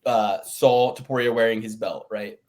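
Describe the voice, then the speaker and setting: A man's voice: on the low side, steady tone, moderate pace, darkish tone. A man co-hosting a podcast, rambling in a casual chat and swearing often as he rants. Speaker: podcast co-host.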